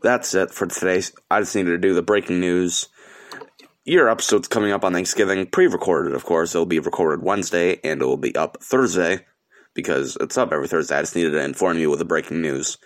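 Angry deep-voiced teen boy ranting. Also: a little fast. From upstate New York. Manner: angry, profane, rambling rant. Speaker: podcast host. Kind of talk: solo podcast rant.

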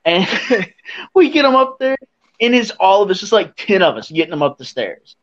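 A young man, the podcast host, telling a drinking story in a casual, animated way and laughing as he acts out what people said. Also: sits high, moderate pace. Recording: dull lo-fi sound.

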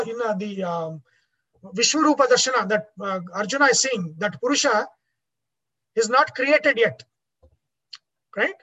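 A woman's voice: on the high side, a bit bright, highs cut off. A woman teaching a class on Vedic chanting, explaining patiently with many fillers.

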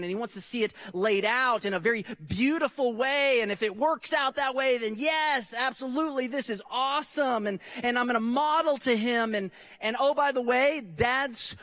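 A man preaching a sermon as pastor, telling the story conversationally and speaking directly to the congregation. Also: extremely high pitch. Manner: animated storytelling with frequent restarts.

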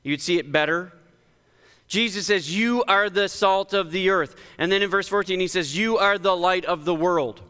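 A man's voice: normal speed, bright, forceful tone, clear, resonant tone. Man preaching in a reverberant hall. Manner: emphatic, conversational preaching with sudden lifts in pitch. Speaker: pastor. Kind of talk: sermon. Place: church sanctuary.

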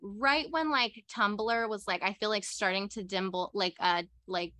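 A young woman telling a story in casual conversation, excitable and full of "like" fillers. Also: mid-range voice, a little slow, no echo. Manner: excitable, heavy use of "like" fillers.

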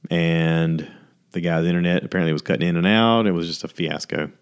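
Deep-voiced guy doing a solo podcast, kinda rambly and down on himself, just chatting. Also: steady tone, fairly quick, clear, resonant tone. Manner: candid, self-deprecating, rambling. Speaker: podcast host. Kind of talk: casual solo podcast monologue.

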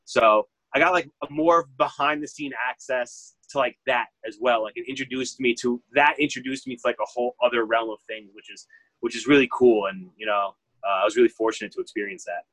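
A man's voice: mid-range voice, a little fast, fairly bright tone, no echo, poor audio. A man, telling a story in a casual interview. He rambles and fills his speech with "like", acting out what people said. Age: 30s. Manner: rambling, heavy use of "like", acts out quotes. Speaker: vintage clothing store owner.

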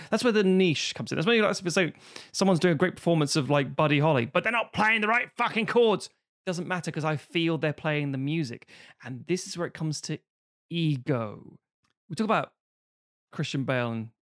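A man's voice: mid-range voice, gravelly, fairly bright tone. A man co-hosting a podcast, talking casually and animatedly about acting, rambling and swearing freely.

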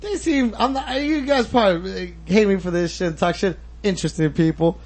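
A man's voice: high voice, moderate pace, a little mellow. A man co-hosting a podcast, talking in casual, indignant banter and swearing a lot. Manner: indignant, defensive, swears often. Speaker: podcast co-host.

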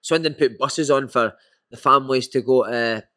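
A Scottish former footballer appears as a podcast guest, telling lively, animated stories and frequently calling the listener "mate." His voice is mid-range and his pace moderate, suited to casual storytelling.

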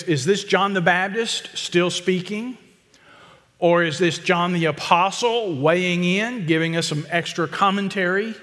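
A man preaching an expository sermon, emphatic and repetitive, with quick asides to the congregation. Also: high-pitched, a bit bright, in a large hall. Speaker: pastor.

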